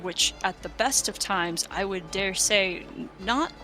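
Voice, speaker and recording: A woman's voice: medium pitch, measured pace, bright, forceful tone, soft background music. A young woman in a casual, laughing way leading a tabletop game as game master. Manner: casual, laughing, loose with fillers. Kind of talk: running a tabletop game session.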